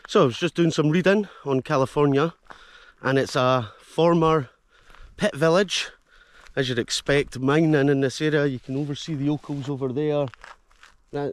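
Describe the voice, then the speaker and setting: A man's voice: a little high, steady tone, moderate pace, dry recording. Scottish man vlogging on a hill. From Scotland. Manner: rambling, chatty, self-mocking. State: out of breath. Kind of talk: casual walking vlog. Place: outdoors on a hillside trail. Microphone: handheld camera.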